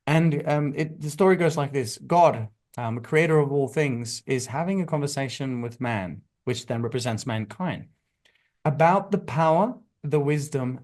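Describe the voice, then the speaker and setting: A man as a podcast guest, speaking emphatically and telling a parable at a slow, deliberate storytelling pace. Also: mid-range voice. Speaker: guest, spiritual teacher. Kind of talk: podcast interview.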